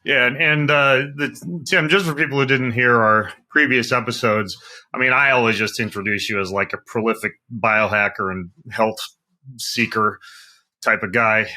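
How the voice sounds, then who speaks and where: A man's voice: lowish voice, sharp tone. A middle-aged man hosting a podcast interview, casual and joking, rambling with fillers. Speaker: podcast host.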